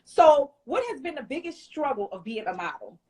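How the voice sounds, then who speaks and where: A woman hosts a talk show interview in a slightly high voice. She praises her guest with encouraging enthusiasm and follows up with questions about his career. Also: big pitch swings, moderate pace, mellow, slight background noise, low-quality recording.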